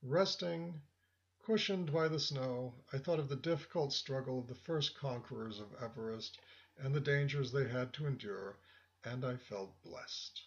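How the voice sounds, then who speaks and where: A man reading a first-person story as narrator, in a measured, reflective way. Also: medium pitch. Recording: dull lo-fi audio.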